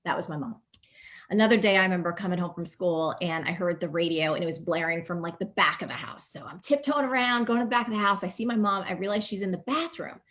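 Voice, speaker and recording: A woman in her forties from New Jersey, a guest speaker telling a personal story in a lively, chatty way. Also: on the low side, fast. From New Jersey, USA. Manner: animated, vivid storyteller, chatty with fillers.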